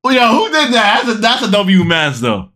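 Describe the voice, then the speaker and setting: A woman hosting a casual reaction video. She is excitable and loud, repeats phrases over and over, and swears freely. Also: mid-range voice, normal speed, noisy background.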